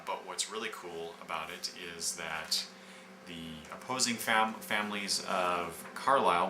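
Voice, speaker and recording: A man casually retelling comic book scenes in a review, rambling with many fillers and restarts. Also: low-pitched. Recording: echoey room with background noise.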